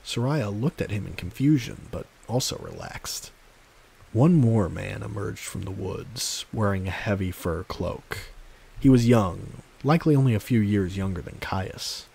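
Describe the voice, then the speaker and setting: A man narrating a fan story in a calm, steady storytelling manner. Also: on the low side, a little slow, creaky, slightly rough. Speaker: audiobook narrator.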